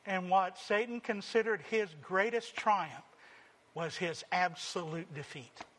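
A man preaching a sermon, acting out the quoted lines and swinging from loud emphasis to hushed, drawn-out phrases. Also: high voice.

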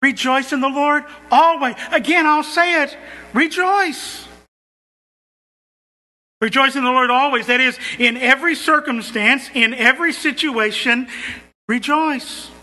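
High bright-voiced guy preaching slow, hammering words again and again, big echoey church. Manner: emphatic, repeats phrases for stress. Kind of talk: sermon.

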